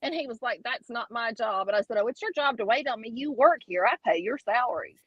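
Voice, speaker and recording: Bright, lively Southern woman. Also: a little high, fast talker, slightly rough, no echo, dull audio. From Southern United States. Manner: animated storyteller, laughs a lot. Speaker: co-host. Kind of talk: casual podcast chat.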